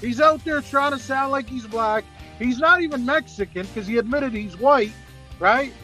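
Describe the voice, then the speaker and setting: A man's voice: very high voice, moderate pace, sharp tone, soft background music. A man on a heated livestream discussion, insistent and pushing to get his question in. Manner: insistent, keeps trying to cut in.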